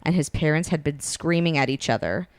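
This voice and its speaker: Low, smooth-voiced woman retelling a story. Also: animated, no room sound. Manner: acts out characters' lines with shifts in pitch, quick asides. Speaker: podcast co-host retelling a book. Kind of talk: casual chat, animated retelling.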